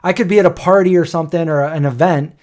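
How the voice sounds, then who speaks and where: Middle-aged male host, casual chat, rambling joker, slightly high voice. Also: quick pace, darkish tone. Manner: rambling, joking storyteller.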